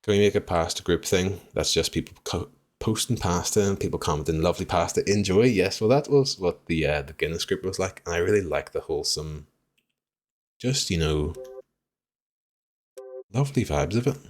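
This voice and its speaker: A man streaming a game live, chatting with viewers, swearing freely and reacting loudly to what happens on screen. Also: low-pitched, lively intonation, normal speed. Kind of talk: live gameplay commentary.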